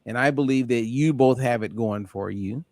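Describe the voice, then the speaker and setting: A man hosting a group call, telling an animated story and acting out the voices of people in it. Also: mid-range voice, normal speed, dry recording, clean studio sound. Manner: animated, acts out voices in anecdotes. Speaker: host. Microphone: call audio.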